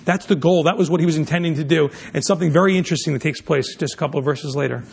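A man's voice: on the high side, very fast, vocal fry, breathy edge. A man preaching a sermon, emphatic, often restarting and repeating words mid-sentence.

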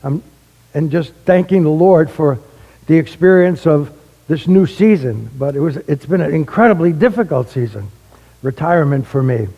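Animated older New preacher. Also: male voice, fairly high pitch, normal speed, breathy edge, muffled recording. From the Bronx, New York. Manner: animated, acts out dialogue in his stories. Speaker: retired pastor. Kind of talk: personal testimony storytelling. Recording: echoey hall.

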